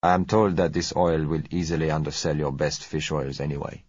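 A man voicing a suave, polite South American oil dealer who speaks gently and slowly. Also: rumbling low, steady tone, husky, no echo, dull audio. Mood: smooth. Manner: polite, gentle, slow and measured.

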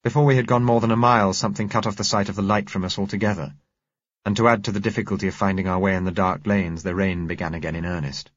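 Man, very deep voice, husky, measured audiobook narration, dry dull recording. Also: no echo. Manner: measured, steady reading. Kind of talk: scripted first-person narration.

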